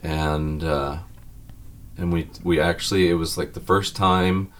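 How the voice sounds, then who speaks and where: A man's voice: deep voice, unhurried, slight background noise. A man earnestly telling an emotional family story in an interview. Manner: earnest, animated, self-described emotional.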